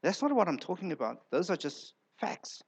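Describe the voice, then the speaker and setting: A man's voice: sits high, very animated, normal speed, vocal fry, breathy edge. A male pastor preaching a sermon in a church, emphatic, repeating words for effect and acting out quoted lines.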